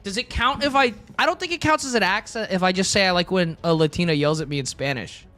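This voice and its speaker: A man's voice: sits high, fast, bright, forceful tone, faint music behind. A young man streaming live, chatting casually with his chat in a blunt, crude, rambling way.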